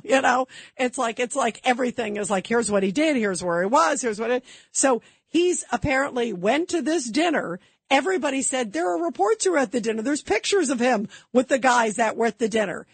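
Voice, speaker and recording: A woman's voice: fairly high pitch, breathy edge, no echo. A woman hosting a talk radio show, delivering an emphatic, indignant political commentary monologue full of rhetorical questions.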